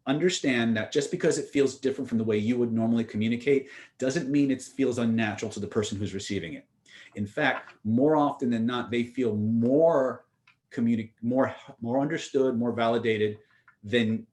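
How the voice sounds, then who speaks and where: An emphatic man teaches influence techniques in a seminar, leading with a story. His voice sits at a middle pitch, and he speaks straight to his listeners, pressing his points with rhetorical questions. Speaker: influence and communication trainer.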